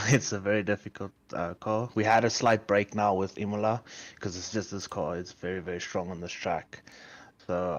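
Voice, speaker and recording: A man, a sim racing driver, reflecting on his season in a post-race interview, pausing with fillers. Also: deep voice, lo-fi sound.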